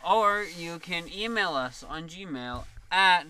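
A man co-hosting a casual podcast, answering in dry, deadpan mock-disapproval. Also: high-pitched, slow pace, smooth. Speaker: podcast co-host. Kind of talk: casual chat.

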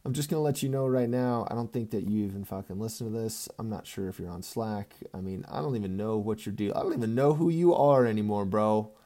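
A young man casually recapping his fantasy football league for his friends, swearing constantly and swinging between mumbled asides and loud ribbing. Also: fairly low pitch, fast, hardly any pauses.

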